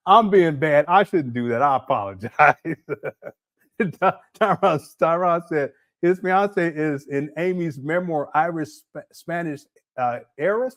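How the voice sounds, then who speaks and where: A man's voice: on the high side, animated, takes it slowly. A man hosting a casual livestream, teasing and laughing as he reacts and reads viewer chats aloud. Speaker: livestream host.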